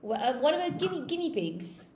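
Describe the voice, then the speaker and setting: An Irish woman leads a casual English conversation class over a video call, chatty and encouraging. Her voice sits high and swings widely in pitch. The room sounds echoey. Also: very animated, a little fast, darkish tone, a little hiss or hum. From Ireland. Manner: chatty, encouraging, asks questions. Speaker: English teacher.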